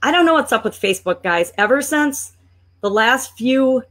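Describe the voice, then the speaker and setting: Her voice sits high and sounds expressive and a bit bright. She's an online business coach thinking out loud and chatting through a screen-share tutorial, teasingly fed up with a sluggish computer.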